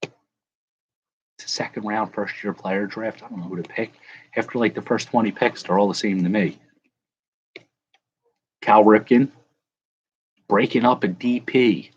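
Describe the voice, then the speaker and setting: A man's voice: on the low side, steady tone, a little slow, pauses often, husky, lo-fi sound. A man hosting a casual live chat, rambling and correcting himself as he answers viewers. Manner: rambling, self-correcting, chuckling. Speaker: livestream host.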